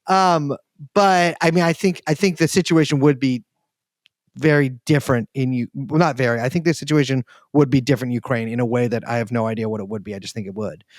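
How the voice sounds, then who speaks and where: A man's voice: mid-range voice, fairly even intonation, quick pace, dry recording. Man, podcast co-host, rambling, wry, fillers, dry sound. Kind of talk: casual political chat.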